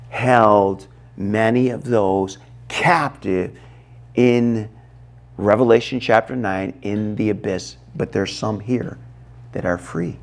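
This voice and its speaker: A man preaching a sermon, reading scripture aloud and explaining it, asking the congregation questions. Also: mid-range voice. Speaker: pastor.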